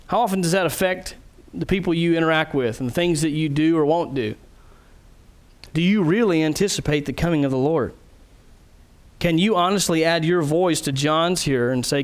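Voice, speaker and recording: Earnest male pastor preaching a sermon. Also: on the high side. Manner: earnest, emphatic, asks the audience direct questions.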